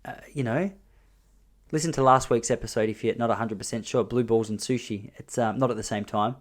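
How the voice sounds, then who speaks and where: A man hosting a solo podcast, rambling and joking in an animated way. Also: medium pitch, brisk. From Australia. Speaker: podcast host. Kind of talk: solo comedic monologue.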